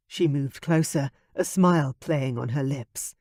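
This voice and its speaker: A man narrating an audiobook in a measured, even way. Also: mid-range voice, no room sound, studio quality. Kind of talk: scripted narration.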